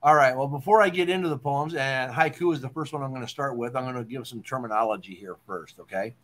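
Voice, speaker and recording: A man hosting a casual talk show, explaining poetry terms in a relaxed way and checking in with "okay?". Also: mid-range voice, fast. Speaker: podcast host.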